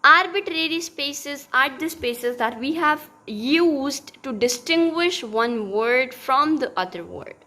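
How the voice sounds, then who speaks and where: Woman, high voice, unhurried, lecture, lots of um and uh. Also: animated, bright, forceful tone. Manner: explaining slowly, with many fillers and restarts. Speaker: teacher. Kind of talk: recorded linguistics lecture.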